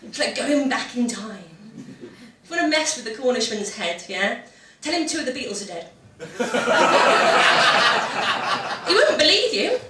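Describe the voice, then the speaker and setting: Woman doing stand-up, high voice, big animated storytelling, echoey club mic from far off. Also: a little slow, long pauses, heavy background noise. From English Midlands. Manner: animated storytelling with loud exclaimed punchlines. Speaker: stand-up comedian. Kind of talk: stand-up comedy set. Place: comedy club stage. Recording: roomy live venue recorded from a distance.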